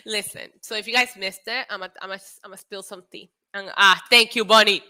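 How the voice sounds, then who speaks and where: A young woman streamer chatting casually on a live stream, telling stories in an excitable, animated way with lots of swearing. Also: mid-range voice, fairly quick, few pauses.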